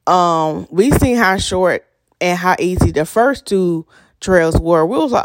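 A young woman, hosting a podcast and telling a story in a chatty, animated way. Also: fairly low pitch, a little slow, no room sound. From North Carolina. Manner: chatty, animated, addresses listeners as y'all. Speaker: podcast host. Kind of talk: casual storytelling monologue.

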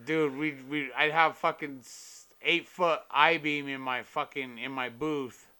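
Bright-voiced swearing young man. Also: fairly high pitch, steady tone, unhurried, smooth, no echo. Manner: profane, slangy, says dude and bro. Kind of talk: casual chat.

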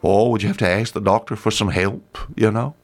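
A man, preaching a short folksy radio devotional that climbs high when he pleads. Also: steady tone, a little fast.

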